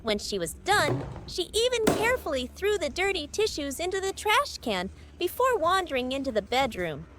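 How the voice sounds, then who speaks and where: High sing-song lady reading a kids story slowly, faint hiss behind. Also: sing-song. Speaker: narrator. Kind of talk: scripted storybook narration.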